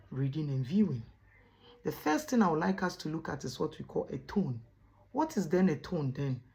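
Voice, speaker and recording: A woman teacher giving a classroom lesson, stressing points by repeating words and pausing on "what?" for the class to finish her sentences. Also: medium pitch, vocal fry, warm tone. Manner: asks rhetorical "what?" prompts for the class to finish.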